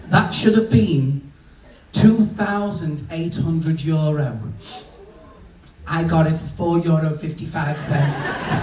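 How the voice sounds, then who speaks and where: A sweary male comedian with a high, darkish voice does stand-up at a cruise ship venue, telling bawdy, chatty stories to the crowd. The recording is noisy, echoey, and taken from a distant mic.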